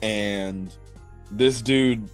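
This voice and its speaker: A man's voice: lowish voice, drawn-out words, faint music behind. A man casually recapping an anime episode, rambling with lots of fillers and cursing. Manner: rambling, swears, many fillers like "like" and "right". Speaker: anime reviewer.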